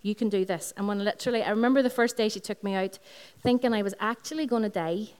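A woman's voice: mid-range voice, quick pace, darkish tone, clean tone. Northern Irish woman pastor preaching. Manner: personal storytelling with repeated phrases, talks to the congregation. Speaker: lead pastor. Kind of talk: sermon. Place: Sunday service in a school hall.

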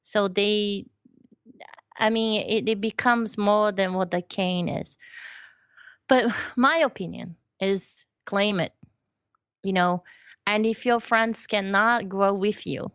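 A woman talks through her stories on a podcast, animated and playful, often slipping into the voices of the people she describes. The sound is a little dull and lo-fi, with a dry, close feel and no room around it. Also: medium pitch, takes it slowly, long pauses, clear, resonant tone, no echo. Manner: animated storyteller, acts out quoted voices. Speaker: podcast guest. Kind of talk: casual conversation.

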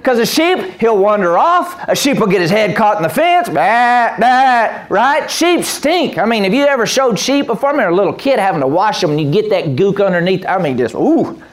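A man preaching a sermon as pastor, animated, acting out voices with the congregation answering. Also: high voice, fairly quick, few pauses. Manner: animated, acts out voices and sheep bleats. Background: congregation responses.

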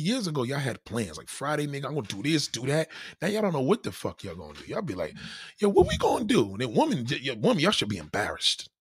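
A man hosting a casual livestream, riffing loudly and acting out quoted voices, reading chat names aloud. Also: lowish voice, slightly rough, no echo, studio quality. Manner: loud, animated riffing, acts out quoted voices. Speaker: livestream host.

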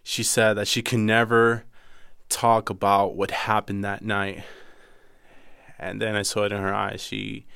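A man's voice: lowish voice, little pitch movement, unhurried, gravelly, fairly bright tone, clean tone, no echo, studio quality. A young man with a Dominican accent telling his own life story, earnest and intense. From Dominican Republic. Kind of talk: personal storytelling.

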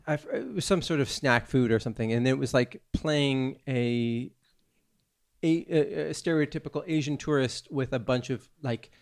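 A man with a gravelly, creaky edge to his voice, chatting casually. He tells a long, rambling story, stopping and restarting his sentences as he goes. The tone is loose, podcast-style conversation. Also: medium pitch, moderate pace. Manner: rambling, self-interrupting storyteller. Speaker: actor and podcast co-host. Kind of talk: casual chat.

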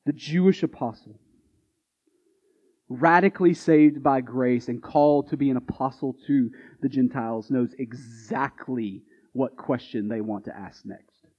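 A man's voice: mid-range voice, unhurried, a little mellow, husky. A male Baptist pastor preaching a sermon in a conversational, emphatic style full of rhetorical questions, on a dull recording.

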